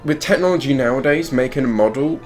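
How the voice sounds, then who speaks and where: A man's voice: mid-range voice, quick pace, a little mellow. A man from Britain co-hosting a casual chat, rambling and hesitant and laughing often. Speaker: co-host. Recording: faint music under the voice.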